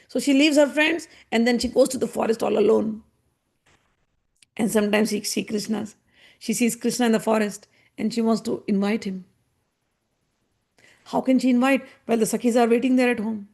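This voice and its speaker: A woman's voice: a little high, steady tone, moderate pace, vocal fry, pauses often, darkish tone. A woman teacher giving a devotional scripture talk, reciting Sanskrit verses and then explaining them in a conversational way. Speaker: spiritual teacher.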